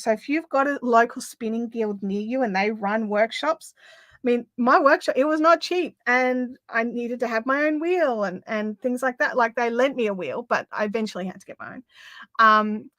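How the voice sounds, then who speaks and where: Middle-aged Australian woman, livestream host; bright, lively, casual, dry close mic. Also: on the high side, normal speed, dry recording. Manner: chatty, lots of fillers, laughs easily. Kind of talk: casual chat, reading viewer comments.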